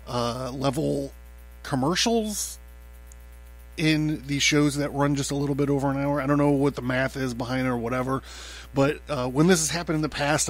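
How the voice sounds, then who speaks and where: A man of middling pitch hosting his podcast alone, drifting between topics with plenty of ums, uhs and curses. He laughs easily, and a faint bed of music sits quietly behind his voice. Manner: loose and profane, many fillers and laughs. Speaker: podcast host. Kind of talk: casual rambling monologue.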